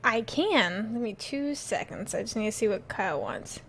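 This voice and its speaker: A woman's voice: on the high side, expressive, moderate pace, vocal fry, fairly bright tone, slight background noise. A woman co-hosting a podcast in casual, frank chat, often laughing. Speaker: podcast co-host. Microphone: podcast microphone.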